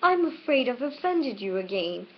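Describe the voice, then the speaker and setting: Earnest, chatty storybook girl who rambles on with polite eagerness, as a woman reading voices her; bright and high, dull webcam sound. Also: very animated, moderate pace.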